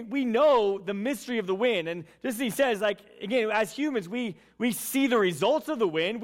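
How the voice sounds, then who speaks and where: High-voiced conversational male preacher. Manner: conversational, tags lines with "right?" and "okay". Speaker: pastor. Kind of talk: sermon.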